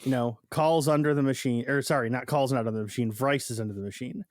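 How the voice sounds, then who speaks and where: A man co-hosting a podcast, retelling film scenes in a playful, animated way. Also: medium pitch, quick pace, no echo, clean studio sound. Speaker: podcast co-host. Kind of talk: casual podcast chat.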